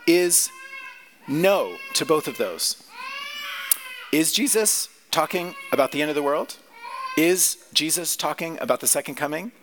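A man's voice: fairly high pitch, a bit bright, slight background noise. A man preaching a sermon, teaching through a scripture passage in a conversational way and often asking the listeners questions. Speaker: pastor.

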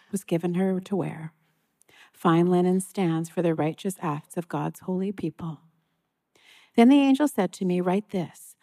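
A woman reading a scripture passage aloud in a church service, measured and solemn, slowing on key lines. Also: lowish voice, a little mellow. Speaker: scripture reader.

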